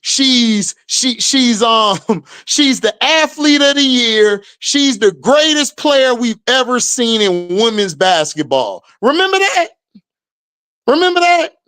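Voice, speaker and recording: A man's voice: very high voice, expressive, slow, pushed and bright, clean tone. A man hosting a livestream, casually commenting and reacting to chat, drawling and laughing often in slangy talk. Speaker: livestream host.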